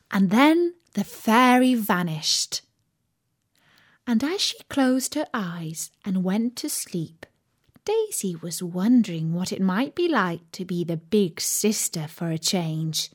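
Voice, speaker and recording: A woman reading a children's story aloud in an expressive, gently dramatic way. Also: medium pitch, takes it slowly.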